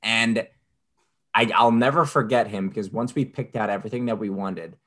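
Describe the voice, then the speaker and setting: A man co-hosting a podcast, telling a story with lively asides and mocking impressions of people. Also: normal speed. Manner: animated storyteller, mimics people in high voices. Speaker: podcast co-host. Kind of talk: casual chat.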